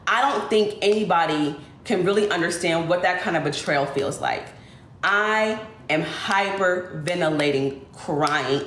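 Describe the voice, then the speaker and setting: Woman retelling a betrayal, animated. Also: on the low side, reverberant, slight background noise. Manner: animated, speeds through dramatic retelling. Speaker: influencer livestreamer. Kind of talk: emotional storytelling.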